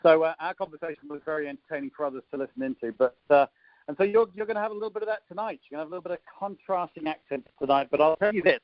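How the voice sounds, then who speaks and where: A man in his fifties with an English accent hosts a team conference call, teasing and rambling with plenty of ums and uhs. His voice sits a bit high for a man. The sound is muffled and dry, like a phone line. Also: racing, no room sound. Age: 50s. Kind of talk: casual chat, jokey introduction.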